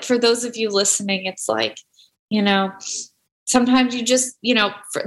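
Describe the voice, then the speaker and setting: A woman's voice: mid-range voice, fairly bright tone. A woman hosting a podcast, talking in an effusive way with loose, looping phrases. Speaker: podcast host. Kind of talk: casual podcast conversation.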